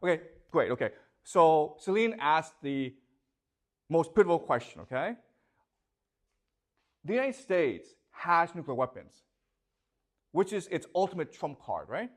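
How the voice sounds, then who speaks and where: A man's voice: a little high, sing-song, a little slow, long pauses. A man lecturing a class, constantly checking that his students understand with rhetorical questions.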